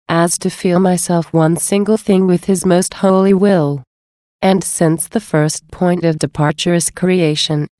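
A woman reading a devotional text aloud in a slow, measured, reverent way. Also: fairly low pitch, warm tone, no room sound, clean studio sound.

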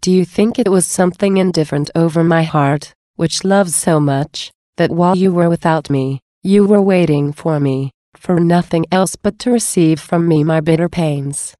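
A woman's voice: lowish voice, mellow, no room sound, studio quality, natural voice. A woman reading a sorrowful Jesus. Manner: slow, solemn reading. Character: sorrowful Jesus, a grieving divine man. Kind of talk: devotional reading.

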